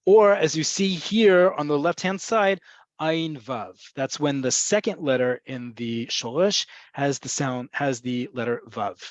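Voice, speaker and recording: A man's voice: on the high side, a little slow, no echo. A man teaching a beginner-level online lesson, explaining patiently with frequent ums and checking in with "right?". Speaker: Hebrew teacher. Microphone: video call.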